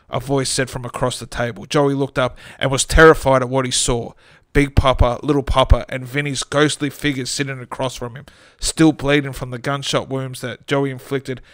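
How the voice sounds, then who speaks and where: A man's voice: mid-range voice, fairly bright tone, dry recording. A man with an australian accent reads a silly crime story aloud for a podcast, his voice sitting in the middle of the range and recorded close and dry with no room sound. he keeps cracking himself up as he goes. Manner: reads with frequent laughter breaking through. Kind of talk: reading a comic short story aloud.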